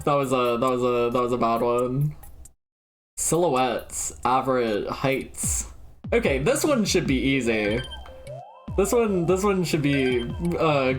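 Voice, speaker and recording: A woman's voice: rumbling low, takes it slowly, soft background music. A young woman streaming a game, blurting out guesses, swearing freely and laughing at herself. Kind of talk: casual gameplay commentary.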